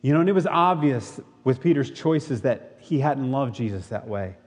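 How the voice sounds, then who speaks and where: A pastor preaching a sermon, retelling a scripture story and asking the listeners rhetorical questions. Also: male voice, mid-range voice, normal speed, darkish tone, long reverb tail.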